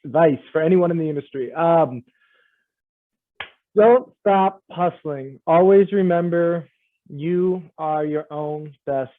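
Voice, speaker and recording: A man's voice: fairly high pitch, takes it slowly, no echo. A man, an actor and on-air personality, chatting as a podcast guest in an upbeat, encouraging way. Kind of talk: casual chat. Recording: tinny phone-like line.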